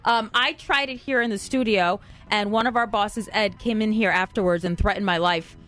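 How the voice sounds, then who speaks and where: A woman co-hosting a radio show from the studio, chatty and quick to laugh. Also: mid-range voice, steady tone, a bit bright, faint music behind. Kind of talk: casual morning radio banter.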